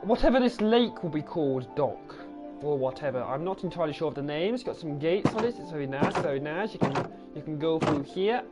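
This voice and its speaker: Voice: mid-range voice, animated, fairly quick, music in the background. A gaming channel host, giving a casual, rambling tour of a game world, correcting themselves and repeating the same praise.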